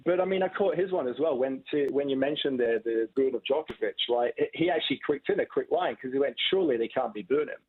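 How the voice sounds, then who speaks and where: Male guest expert, measured explainer, husky tone, phone-line audio. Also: medium pitch. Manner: measured, explanatory, fond of "subtle" and "right?". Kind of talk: radio phone interview.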